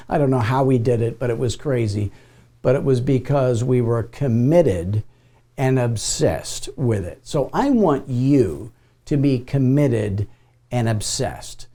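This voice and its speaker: Mellow-voiced man coaching with stories. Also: medium pitch. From Phoenix, Arizona. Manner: casual, anecdotal, acts out quoted dialogue. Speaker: real estate coach. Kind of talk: motivational video talk with storytelling.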